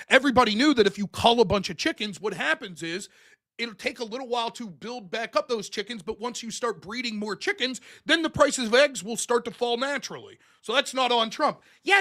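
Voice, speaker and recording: A man's voice: extremely high pitch, bright, forceful tone. A man hosting a show, delivering a blunt, profane, sarcastic political commentary rant. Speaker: show host.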